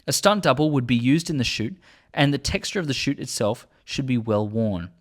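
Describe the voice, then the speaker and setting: A man's voice: medium pitch, lively intonation, normal speed. A man hosting a video, reading book excerpts aloud and adding earnest, enthusiastic fan commentary. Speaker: host.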